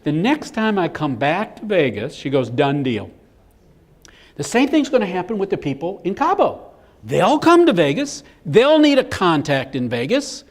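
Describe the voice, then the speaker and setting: Animated man telling business stories. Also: high voice, moderate pace. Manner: animated storyteller acting out quotes. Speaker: business speaker. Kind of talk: live seminar presentation.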